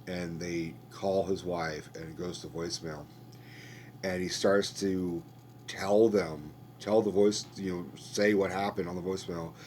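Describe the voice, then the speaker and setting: A man's voice: sits low, steady tone, unhurried, darkish tone, a little hiss or hum. A man hosting a podcast, rambling through a profane, casual movie review. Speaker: podcast host.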